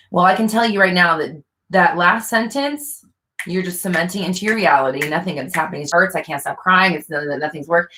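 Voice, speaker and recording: A woman's voice: fairly low pitch, fairly bright tone. A woman coaching viewers in casual talk, earnest and repetitive, thinking aloud with fillers. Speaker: manifestation coach answering viewer questions.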